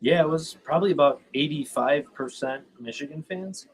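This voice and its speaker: A man's voice: on the high side, moderate pace, slightly rough, rough recording. Rambling male guest telling a story. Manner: rambling, animated anecdote telling with restarts. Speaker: guest fan. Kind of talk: casual storytelling.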